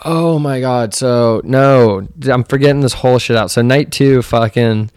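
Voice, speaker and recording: Young male podcast host, smooth resonant voice, dry close sound, loose profane storyteller. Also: medium pitch, a little slow, a little mellow, dry recording. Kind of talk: casual storytelling chat.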